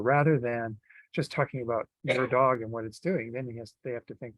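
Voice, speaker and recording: A man gives a Buddhist dharma talk in an easygoing, conversational way, pausing on fillers and restarting phrases as he thinks. His voice sits at an ordinary middle pitch, and the recording is close and dry with no room echo. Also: dull audio. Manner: relaxed, conversational teaching with many fillers. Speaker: Buddhist teacher.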